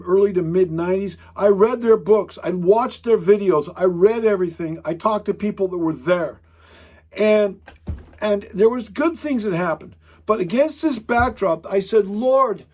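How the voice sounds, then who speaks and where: High-voiced rambling male preacher. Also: darkish tone. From Pacific Northwest, United States. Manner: rambling, emphatic, restarts often. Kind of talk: sermon.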